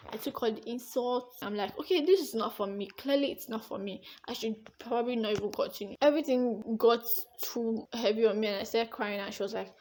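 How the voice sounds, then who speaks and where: A young woman with a Nigerian accent tells a story to her camera in a casual, chatty way. Her voice sits a little high, and she slips into the voices of the people she describes as she goes. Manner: lively, acts out the dialogue she recalls. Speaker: vlogger.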